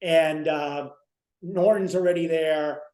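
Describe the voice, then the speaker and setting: High-voiced man chatting in an echoey room. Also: fairly even intonation, takes it slowly, a little mellow. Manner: rambling, many fillers, retelling scenes. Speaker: co-host. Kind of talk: casual chat. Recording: roomy echo.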